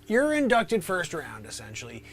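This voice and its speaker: Animated man, livestream comedy host, high voice, lively swoops, improvised monologue, faint background hum. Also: normal speed. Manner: animated, jumps into high voices and drops to whispers.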